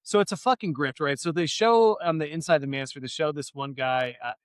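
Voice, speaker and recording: A man's voice: a little high, brisk, clear, resonant tone, no echo. A man co-hosting a casual podcast chat, rambling, swearing a lot and getting fired up. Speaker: podcast co-host.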